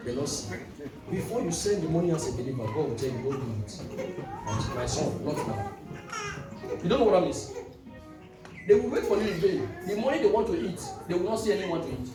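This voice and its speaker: A male pastor preaches with a lively, swooping pitch, calling for amens and bursting into shouts. He sounds far from the mic in a big reverberant hall, with music clearly playing beneath him. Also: fairly quick. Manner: animated preaching with call-and-response, sudden shouts. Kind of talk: sermon. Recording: echoey hall, distant mic, music behind.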